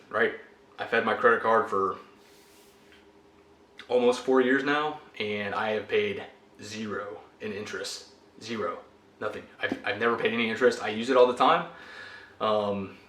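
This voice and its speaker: Young man venting in a personal vlog, bright and fed up, roomy sound. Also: on the low side. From United States. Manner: exasperated, ranting. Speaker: vlogger. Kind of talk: frustrated personal rant. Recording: echoey room.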